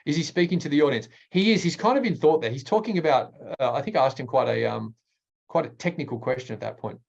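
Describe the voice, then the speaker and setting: A man, a speaking coach presenting a workshop in an energetic, emphatic way with deliberate pauses. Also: vocal fry, husky, dull audio. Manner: energetic, emphatic, varies pitch widely.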